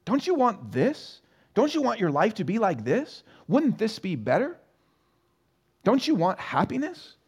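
A sly, smooth-tongued male tempter, as a preacher puts him on, murmuring coaxing questions in a somewhat high voice that swoops up and down. He stays soft and persuasive, never pushy. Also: wildly swooping pitch, a little slow, full character voice.

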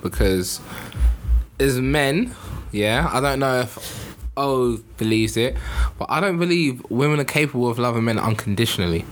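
A man co-hosting a podcast, making a measured, opinionated case in casual discussion. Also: mid-range voice, animated, slight background noise. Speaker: podcast co-host.

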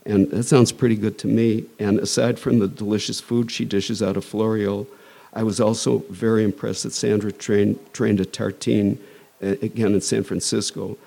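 A man's voice: fairly low pitch, level tone, normal speed, gravelly, warm tone. A middle-aged American man introducing a guest speaker at a talk, rambling with restarts and joking asides. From United States. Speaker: society president introducing a speaker.

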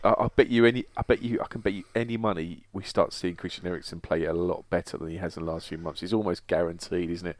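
Low-voiced hesitant man. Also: steady tone, fast, few pauses, dry recording. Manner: hesitant, lots of tag questions. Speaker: podcast co-host. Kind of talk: casual chat.

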